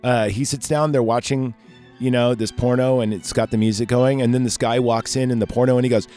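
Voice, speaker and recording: A man's voice: mid-range voice, fairly even intonation, brisk, warm tone, soft background music. A man hosting a podcast, talking casually and profanely about a movie, rambling and interrupting himself. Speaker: podcast host.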